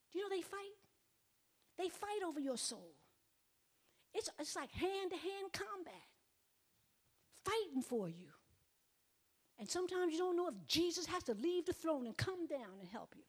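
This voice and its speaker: High-voiced woman preaching with emphatic repetition. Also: animated, measured pace, long pauses. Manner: emphatic, repeats phrases, drops to near whispers. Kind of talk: sermon.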